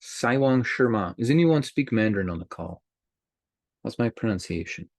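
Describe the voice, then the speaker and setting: Animated man leading a group call. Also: on the low side, moderate pace, no room sound, clean studio sound. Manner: animated, addresses listeners directly. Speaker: host. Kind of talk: motivational group call talk.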